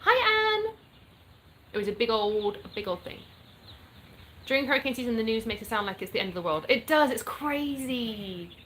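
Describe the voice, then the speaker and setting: Brief: English woman, bright voice, chatty live-stream host, soft birdsong behind. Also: mid-range voice, fast talker, slight background noise. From England. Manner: chatty, upbeat, greets viewers by name. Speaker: livestream host. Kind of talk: casual live-stream chat reading comments.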